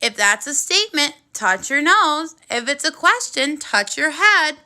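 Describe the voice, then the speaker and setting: Woman teacher doing a first grade video lesson, high voice, slow and clear, encouraging the kids. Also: sing-song, bright, forceful tone. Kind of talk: video phonics lesson for children.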